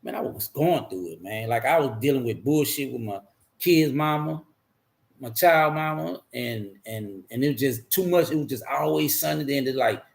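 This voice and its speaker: A man's voice: medium pitch, animated, moderate pace, gravelly. A man candidly telling his life story in a rambling, profane way, repeating himself as he goes.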